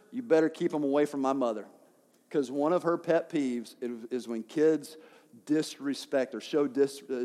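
Young man, pastor, lively sermon, fairly high voice, long church reverb. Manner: animated preaching with rhetorical questions to the congregation. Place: church sanctuary.

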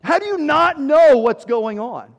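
A man's voice: very high-pitched, animated, measured pace, long reverb tail, lo-fi sound, pitched above the performer's own voice, full character voice. A man acting out a disciple of the gospel story who talks with attitude, incredulous and slangy. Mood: exasperated.

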